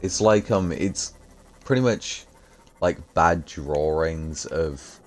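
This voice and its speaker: A man's voice: extremely low pitch, slow pace. A young man streaming a game, chatting casually and rambling with loose giggles. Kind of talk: casual gaming commentary.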